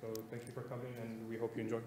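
A man's voice: medium pitch, monotone, racing. A man hosting for a student society, reading a short introduction of the speaker. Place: lecture hall. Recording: distant, echoey room with loud noise.

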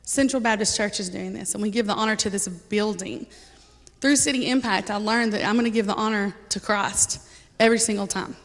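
Here a woman of medium pitch gives a personal testimony before her congregation at a fairly quick pace, earnest but relaxed, often saying um and laughing lightly. She's a church member speaking in the sanctuary, and the hall's reverb colors the recording.

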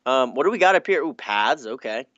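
A man's voice: mid-range voice, expressive, a bit bright, no echo, dull audio. A young man bantering and teasing his friend during a casual let's-play, laughing often. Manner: teasing, playful, quick to laugh. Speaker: guest gaming partner.

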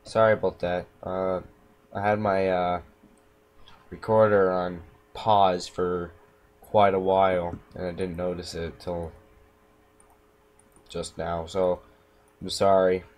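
A man records casual gameplay commentary in a room at home, mumbling and talking to himself as he plays. His low, slightly mellow voice barely moves in pitch and comes slowly with long pauses, over a noisy recording with keyboard clicks.

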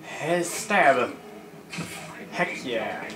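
A young man hosting a let's play, giving goofy, rambling, excitable commentary on a game. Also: mid-range voice, very slow. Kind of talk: casual gameplay commentary. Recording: roomy sound with game music.

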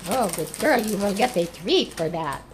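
A woman filming her dog at home, talking to it in a playful, excitable, coaxing way. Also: mid-range voice, moderate pace, a little hiss or hum. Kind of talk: casual home video. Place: home indoors.

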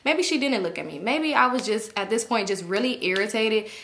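A woman's voice: fairly high pitch, brisk, slight background noise. A young adult woman casually telling a work drama story, acting out quotes in a raised voice. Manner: animated, acts out quotes in raised voice. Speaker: storytime vlogger.

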